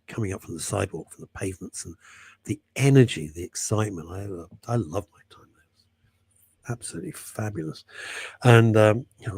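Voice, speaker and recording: A man's voice: deep voice, vocal fry, husky, dry recording. A middle-aged man hosting a radio show, chatting and telling stories in a jokey, rambling way. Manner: chatty, jokey storytelling, reading out listener messages. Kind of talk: casual radio chat.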